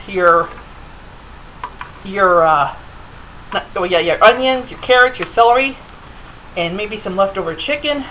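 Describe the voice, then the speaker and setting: A woman's voice: a little high, fairly bright tone, slight background noise, low-quality recording. A middle-aged woman hosting a home cooking show, chatting loosely with fillers as she demonstrates in her kitchen.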